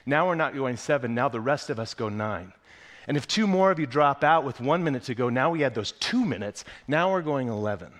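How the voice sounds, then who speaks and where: A male pastor in the middle of a sermon, talking in a middle-pitched voice that swings up and down as he tells a story against himself. He jumps between quiet asides and loud punchlines, keeping it casual and funny before settling into teaching. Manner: lively self-mocking storyteller, quick asides.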